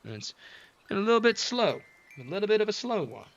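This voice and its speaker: A man's voice: high voice, very animated, a little fast, muffled recording. Young man chatting with stream viewers. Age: young adult. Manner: chatty and upbeat, talks to chat. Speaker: art streamer. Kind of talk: casual livestream chat.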